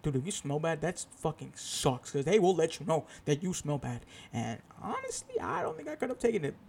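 Young guy with a gravelly fry in his voice, kinda high-pitched, swearing a lot and rambling through a story on his own podcast. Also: huge pitch swings, brisk, darkish tone, slight background noise. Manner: profane, rambling, self-deprecating. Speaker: podcast host. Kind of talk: casual solo storytelling.

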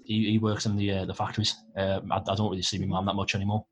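A man voicing a shy, hopeful teenage boy who hesitates and speaks softly. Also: lowish voice, monotone, rapid-fire, dull audio, voice pushed down, close to an everyday voice.

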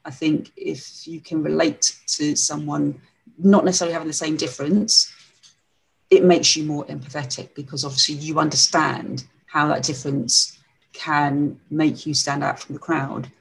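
A woman as a podcast guest, telling a story in a reflective way, with frequent pauses and fillers. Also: low voice, fairly even intonation, gravelly, slightly rough, poor audio. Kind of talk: conversational interview storytelling.

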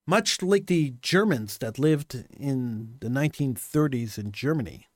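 A man's voice: medium pitch, lively intonation, unhurried, no room sound, clean studio sound. A man delivering an impassioned monologue commentary, hammering points home with repeated rhetorical questions.

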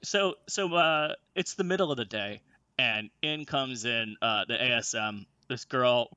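A man tells a rambling, swear-filled anecdote, laughing along the way. His voice is bright and forward. The recording is dry and close, with no room sound. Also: medium pitch, measured pace, clear, resonant tone, no room sound. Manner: profane, animated, laughing while telling. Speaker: storyteller on a comedy podcast. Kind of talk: casual anecdote telling.

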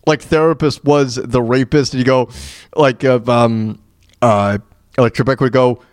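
A man's voice: medium pitch, steady tone, a little slow, a little mellow, dry recording, studio quality. A man hosting a radio show, telling stories in a rambling, casual way with many fillers and restarts. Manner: laughs at his own retold jokes. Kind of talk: casual storytelling monologue.

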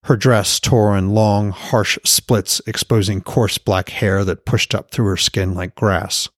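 A man narrating his own fantasy novel aloud in a steady, scripted audiobook reading. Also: fairly low pitch, takes it slowly, no echo, studio quality. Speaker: author and podcast narrator.

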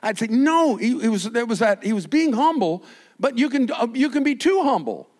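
An older male pastor delivers a sermon in a high, lively voice that jumps all over. He tells stories animatedly and acts out the voices of the people in them. He often stumbles and restarts his sentences. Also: normal speed. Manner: animated storytelling, acting out voices, frequent restarts.

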